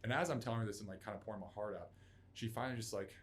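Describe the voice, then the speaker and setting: Interview guest: man, 30s, lowish voice, profane raw storytelling, faint room noise behind. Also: racing. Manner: raw, profane, acts out quotes in loud outbursts. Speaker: podcast guest, Army veteran.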